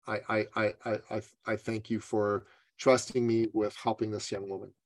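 A man, a business coach being interviewed, telling a story with lively acted-out quotes. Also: lowish voice, moderate pace, dry recording. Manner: animated storyteller, acts out quotes.

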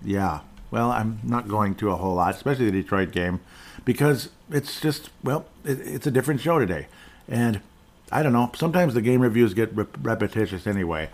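A middle-aged man hosting a casual solo sports talk podcast, rambling and digressive with jokes, often clearing his throat. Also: lowish voice, expressive, brisk. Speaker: podcast host.

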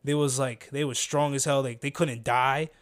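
A man's voice: mid-range voice, steady tone, moderate pace. Young male host, casual slangy podcast talk, rambling. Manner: loose slangy rambling, trails off often. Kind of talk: casual chat.

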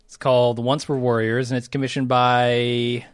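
A man's voice: mid-range voice, flat delivery, normal speed, clean tone, no room sound. Guy cohosting a podcast, chill and wry, mid voice, dry close sound. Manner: laid-back, wry, swears casually. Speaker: podcast co-host. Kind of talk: casual chat.

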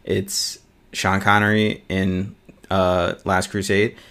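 A man with a very low voice chats casually on a movie podcast. He rambles along with plenty of fillers, recorded in a small studio. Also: level tone, slow, fairly bright tone, smooth. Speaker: podcast co-host. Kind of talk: casual chat.

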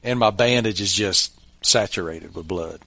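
A man's voice: low voice, normal speed, creaky, sharp tone, dry recording. Middle-aged male podcast host, easygoing storyteller, dry close-mic sound. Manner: laid-back, chuckling anecdotes. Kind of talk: casual storytelling chat.

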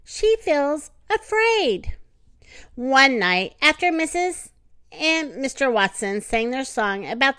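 A woman reading a children's story aloud in an expressive, animated manner with dramatic pauses. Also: high-pitched, smooth, dry recording, clean studio sound.

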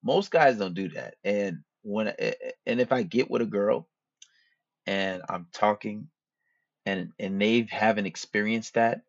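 A man with a fairly low voice gives a loose, rambling monologue full of slang and cursing. The sound is dull and lo-fi, and it is dry and close, with no room echo. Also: a little slow, gravelly. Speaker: podcast host. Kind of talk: casual monologue, dating advice.

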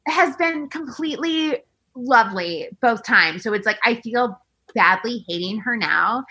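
A woman with a bright, slightly high voice in casual chat. She rants quickly and with feeling, piling on fillers and the odd curse word. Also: slightly rough, low-quality recording. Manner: fast, animated ranting with lots of fillers and swearing.

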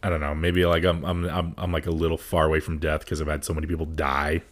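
A man's voice: extremely low pitch, little pitch movement, fast. A young man in casual chat, laid-back, laughing often and swearing freely.

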